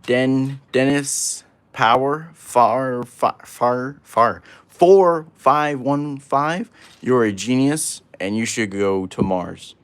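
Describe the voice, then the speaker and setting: Livestream host, rambling and jokey, mid-pitched everyday voice, reads chat aloud. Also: male voice, steady tone, takes it slowly, hardly any pauses, clean tone. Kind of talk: casual livestream chat while building.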